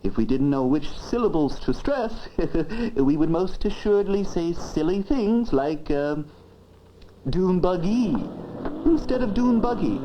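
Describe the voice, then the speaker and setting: A woman's voice: fairly low pitch, animated, measured pace, slight background noise. Woman voicing a pompous talking dictionary. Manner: fussy, grandiloquent, lecturing. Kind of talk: educational film acting. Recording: dull lo-fi old film sound.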